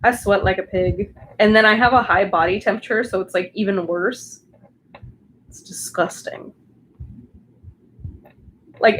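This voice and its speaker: A woman's voice: medium pitch, fairly bright tone, low-quality recording. Brief: young woman, Southern Californian accent, rambling livestream chatter, faint room hum behind. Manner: chatty, rambling, many likes and restarts. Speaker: crafting livestreamer. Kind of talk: casual live chat while crafting.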